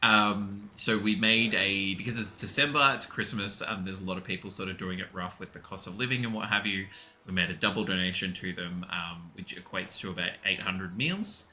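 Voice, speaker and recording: A man's voice: deep voice, fairly even intonation, moderate pace, pushed and bright, slight background noise. A man streaming a game, chatting casually with his viewers, laughing often and answering chat.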